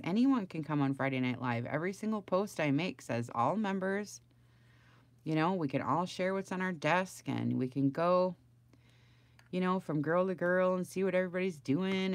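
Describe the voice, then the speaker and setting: A woman's voice: fairly low pitch, dry recording. A middle-aged woman chatting casually on a home crafting livestream, rambling and greeting viewers by name.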